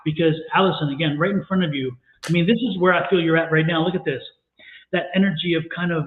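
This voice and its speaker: A man's voice: a little high, steady tone, fast talker, a little hiss or hum. A man giving live tarot readings on a stream, talking energetically and coaxing viewers with lots of repetition. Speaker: tarot reader and co-host. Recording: echoey room over a tinny phone-like line.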